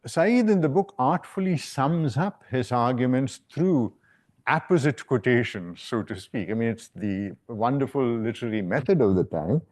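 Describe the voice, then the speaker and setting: A professor lectures in a lecture hall, wandering through his material and frequently adding "right?" to check in with the room. This man speaks at normal speed with an expressive, mid-range voice that carries a slightly mellow quality.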